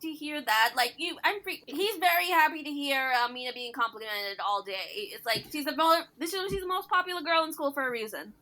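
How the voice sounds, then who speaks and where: A woman co-hosting a podcast in casual chat, quippy and animated. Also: high voice, fairly quick, few pauses, low-quality recording. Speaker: podcast co-host.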